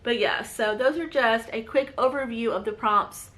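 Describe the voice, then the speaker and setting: A woman's voice: on the high side, normal speed, a bit bright. A woman with a light Southern US accent chatting to camera about books in a bubbly, chatty way. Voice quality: bubbly, chatty, lots of "like" and "you guys". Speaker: book channel host. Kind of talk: casual chat to camera.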